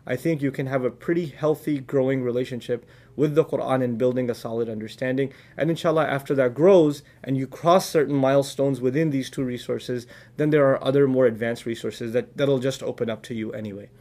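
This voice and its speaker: A man with a voice of ordinary pitch delivers a religious advice talk. He speaks earnestly, telling personal stories and translating verses line by line. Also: steady tone, brisk, darkish tone. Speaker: Islamic speaker.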